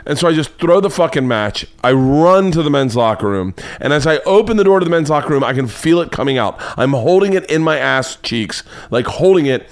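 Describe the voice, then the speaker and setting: A man's voice: brisk, hardly any pauses. Man telling a rowdy comic story. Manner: animated, swearing, jumps into high excited pitch for punchlines. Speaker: comedian and podcast host.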